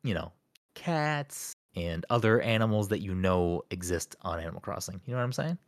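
A man's voice: deep voice, animated, moderate pace, no echo, clean studio sound. A man hosting a casual podcast chat, playfully quizzing a friend and teasing him. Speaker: podcast host.

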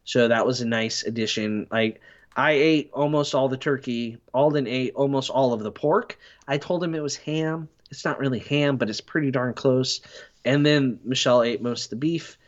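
A man's voice: mid-range voice, moderate pace, muffled recording. A man telling rambling, self-deprecating stories in a casual podcast chat. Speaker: podcast guest.

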